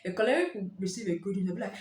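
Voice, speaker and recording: A woman giving a casual spoken book review, explaining in a lively way and acting out short reactions. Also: medium pitch, very fast, background noise. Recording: roomy echo.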